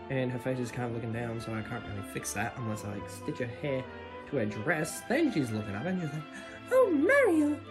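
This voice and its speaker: A young woman with an Australian accent, chatting casually and jokingly as she shows off her plush collection in a vlog. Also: rumbling low. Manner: chatty, animated, jokey and self-deprecating. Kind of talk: casual show-and-tell vlog.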